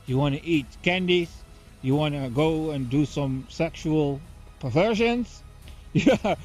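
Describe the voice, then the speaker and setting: Profane ranting man, fairly high voice. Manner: profane, mocking, swings between shouting and muttering. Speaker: political commentator. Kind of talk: ranting monologue. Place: Germany.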